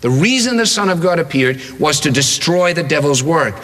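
Preacher, male, slightly raised pitch, emphatic repetition, big reverberant church hall. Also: expressive, fairly bright tone. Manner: emphatic, repetitive, slows for quoted verses. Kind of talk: sermon.

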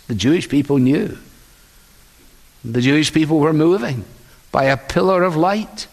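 A man preaching a sermon in an earnest, measured way, often quoting others. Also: a little high, vocal fry, big-room sound. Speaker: pastor.

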